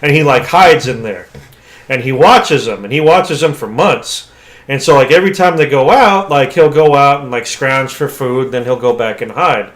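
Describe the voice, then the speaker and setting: A man's voice: mid-range voice, normal speed, fairly bright tone. A man co-hosting a podcast, casually retelling a movie plot in a rambling way, with frequent "like" fillers. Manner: rambling retelling, heavy use of "like". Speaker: podcast co-host.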